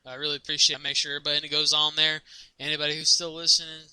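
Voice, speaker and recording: A man's voice: a little high, completely flat delivery, rapid-fire, sharp tone, clear, resonant tone, no echo, poor audio. A man hosting a podcast interview, upbeat, wrapping up and plugging his guest's links. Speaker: podcast host. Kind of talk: casual interview.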